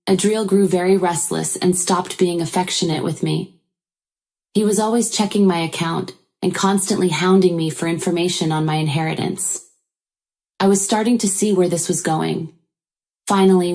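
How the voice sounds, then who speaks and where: Woman narrator for a first-person drama story, low pitch, mellow tone, steady read.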